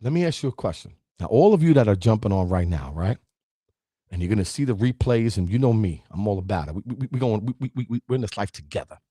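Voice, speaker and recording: A man's voice: on the low side, animated, fast talker, warm tone, husky, dry recording, studio quality. A middle-aged man hosting a live motivational stream, talking straight to his viewers and the chat. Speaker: host of a live positivity show.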